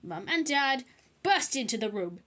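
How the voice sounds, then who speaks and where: A woman's voice: sits high, very animated, unhurried, pushed and bright. A woman reading a children's book aloud, adding chatty asides. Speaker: storyteller.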